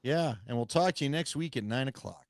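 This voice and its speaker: A man's voice: mid-range voice, fairly quick, dry recording. Teasing, jokey man, dry sound. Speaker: co-host. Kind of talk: casual chat.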